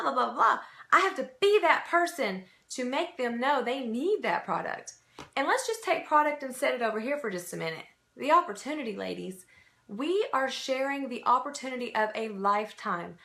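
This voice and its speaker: A woman's voice: a little high, vocal fry, sharp tone, roomy sound. A woman giving an emphatic, repetitive motivational training talk to her sales team.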